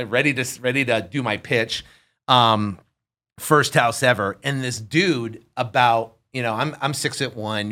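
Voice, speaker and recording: An animated man telling a story in a casual interview, and his voice has a bright, forward ring. He keeps the tone conversational and acts out the quotes as he goes. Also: medium pitch. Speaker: real estate investor guest.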